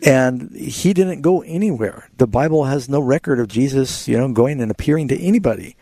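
A man's voice: medium pitch, lively intonation, brisk, dark tone, no room sound. A man hosting a call-in radio show, earnestly explaining Bible passages to callers. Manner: earnest, explanatory, quotes scripture. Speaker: radio Bible talk host.

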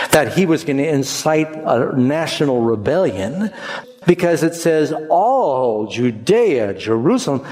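Guy preaching a sermon, pitch swings all over, long echo like a big church. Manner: animated, has congregation repeat lines aloud.

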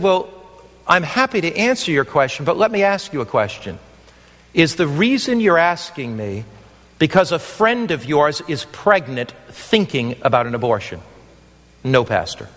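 A man's voice: a little high, a bit bright, in a large hall. A man preaching an evangelistic sermon as pastor, earnest and pleading, acting out the voices in his stories.

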